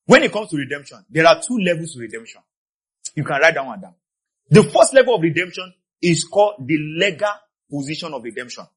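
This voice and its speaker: A man preaching a sermon with passion. He swings between quiet asides and shouted peaks, and he repeats key phrases for emphasis. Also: a little high, sing-song, brisk, slightly rough. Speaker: pastor.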